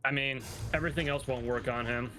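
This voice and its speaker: A man's voice: medium pitch, fairly even intonation, fast talker, over music. A man chatting casually on a game stream, tired and easygoing, laughing and trailing off mid-thought. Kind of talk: casual gaming chat.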